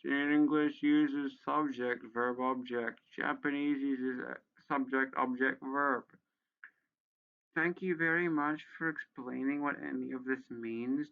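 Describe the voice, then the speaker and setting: A man's voice: mid-range voice, measured pace, vocal fry. Exasperated man ranting, dull lo-fi mic. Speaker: video creator. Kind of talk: sarcastic commentary reading a how-to page.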